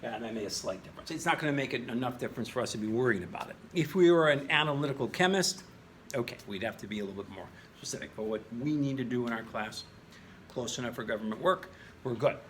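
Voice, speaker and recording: A male chemistry teacher recording a lesson at a whiteboard in his classroom, playful and jokey, often jumping into high exclamations. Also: animated, quick pace, fairly bright tone, a little hiss or hum. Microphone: camera in the room.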